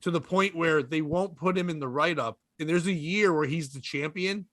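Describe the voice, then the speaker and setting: Man, high voice, dry close sound, excitable comic podcast guest. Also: normal speed, no room sound. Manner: excitable, laughs often. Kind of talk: casual comedic banter.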